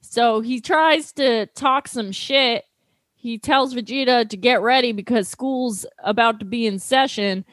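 A woman's voice: on the high side, fairly bright tone, no echo. A woman co-hosting a casual comedy podcast, recapping an anime with sarcasm and casual swearing. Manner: sarcastic, swears casually, does quick character voices.

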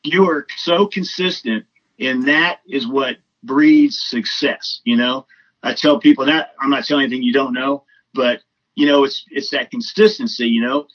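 A man's voice: medium pitch, moderate pace, dull audio. A man guest on a podcast, chatting casually and effusively, rambling with lots of fillers. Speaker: comedian. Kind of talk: casual chat.

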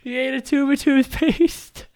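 A man co-hosting a podcast, teasing and laughing through crude casual banter and quick stories. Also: very high-pitched, fairly even intonation, darkish tone. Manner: laughing, teasing, fast storytelling. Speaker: podcast co-host.

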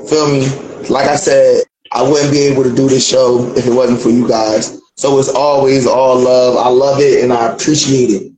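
A man's voice: medium pitch, little pitch movement, moderate pace, a little mellow, faint music behind. A man hosting a casual live-stream chat, laid-back and repetitive with his catchphrases. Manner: laid-back, repeats "feel me" and "let's talk". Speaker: host. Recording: echoey room with faint noise.

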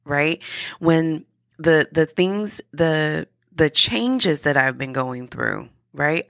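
A woman's voice: sits low, creaky, fairly bright tone, no echo, studio quality. A woman hosting a podcast, talking through an earnest, encouraging motivational monologue with frequent restarts. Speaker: podcast host.

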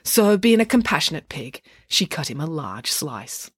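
A woman reads a children's book aloud, expressive and lively. Her voice sits fairly low, with a husky edge and plenty of rise and fall. The recording is dry and close. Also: moderate pace, no room sound. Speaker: storyteller.

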